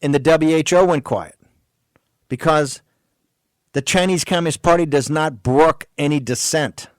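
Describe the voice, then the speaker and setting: A man's voice: fairly high pitch, a little slow, no room sound. A man hosting a political talk radio show, delivering an emphatic, fiery rant.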